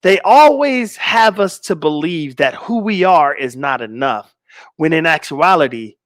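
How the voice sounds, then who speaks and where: A man in his forties hosts a livestream, reading viewers' comments in laid-back banter and slowing into emphatic stress on his key points. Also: a little high, fairly bright tone, dry recording, studio quality. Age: 40s. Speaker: livestream host.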